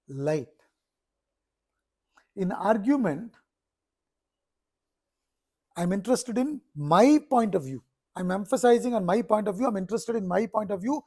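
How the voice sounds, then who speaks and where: Man, gravelly. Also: high-pitched, a little mellow. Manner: storytelling, checks in with listeners often. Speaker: spiritual teacher. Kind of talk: explaining scripture in a talk.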